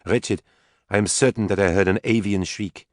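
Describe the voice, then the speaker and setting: A man's voice: on the low side, steady tone, normal speed, no room sound, studio quality, pitched above the performer's own voice, natural voice. A man voicing Nicole, an earnest, questioning woman colonist speaking to her husband in an audiobook.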